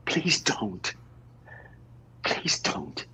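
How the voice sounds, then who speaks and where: A man's voice: fairly high pitch, very animated, normal speed, creaky, fairly bright tone, a little hiss or hum, heavily acted, poor audio. An actor playing a flustered married man with a brood of children, stammering and repeating himself as he urgently pleads in an improv scene on stage. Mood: pleading. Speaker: improv performer. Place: theater stage.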